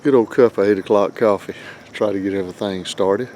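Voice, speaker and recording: A man's voice: fairly low pitch, steady tone, a little fast, a little mellow. A middle-aged man chatting casually, rambling and joking at his own expense, outdoors by a grill before dawn. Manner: folksy, rambling, self-deprecating. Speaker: vlog host. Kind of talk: casual outdoor vlog chat. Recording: faint outdoor background noise.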